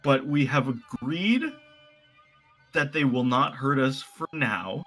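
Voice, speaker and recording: A man voicing a caring, earnest young woman adventurer in a tabletop role-play, speaking with gentle, hesitant care. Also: mid-range voice, takes it slowly, faint music behind, pitched above the performer's own voice. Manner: gentle, careful, hesitant reassurance.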